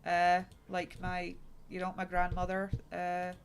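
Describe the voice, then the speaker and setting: A woman's voice: lowish voice, monotone, a little slow. A woman in her thirties streaming a game, chatting casually and frankly with lots of fillers. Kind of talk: casual chat while gaming. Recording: noisy, keyboard clicks behind.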